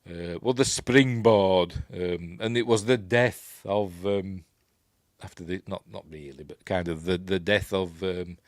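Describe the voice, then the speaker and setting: A man's voice: low-pitched, measured pace, no room sound, studio quality. A man with a Yorkshire accent giving a casual, rambling film commentary while the film plays, with hesitant asides. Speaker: film reviewer.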